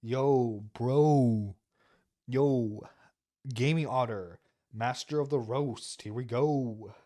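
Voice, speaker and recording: Dude reacting to clips, talks slow, laughs a lot, dry close mic. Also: male voice, medium pitch, dark tone, no echo. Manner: mocking, laughing, crude. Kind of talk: reaction commentary.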